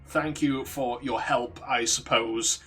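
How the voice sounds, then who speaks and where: Man playing weary miserable guy, husky, muttering low, faint music behind. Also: steady tone, takes it slowly, pushed and bright, exaggerated voice.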